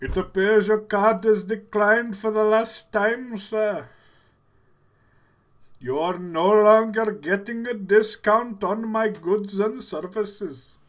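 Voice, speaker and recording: A man putting on a haughty male shopkeeper who speaks slowly and formally. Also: high-pitched, pitched above the performer's own voice. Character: stern male shopkeeper refusing a customer.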